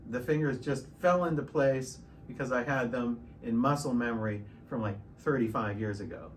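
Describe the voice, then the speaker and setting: A middle-aged man teaching piano in a relaxed, explanatory way, stopping and restarting often. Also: medium pitch, moderate pace, a little hiss or hum. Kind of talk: casual piano tutorial. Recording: piano loud in the background.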